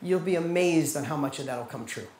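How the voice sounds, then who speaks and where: A man's voice: a little high, brisk, a little mellow. A middle-aged man speaks from the stage at a training seminar in an emphatic motivational style. He keeps asking the audience questions and driving his points home. His voice rings through a large, echoing hall, with a faint hum of ambience behind it.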